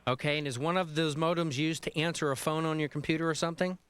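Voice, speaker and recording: A man's voice: on the high side, fairly even intonation, fast, a bit bright, slight background noise. A man hosting a call-in computer show, joking and teasing callers. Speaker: show host. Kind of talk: call-in radio talk show.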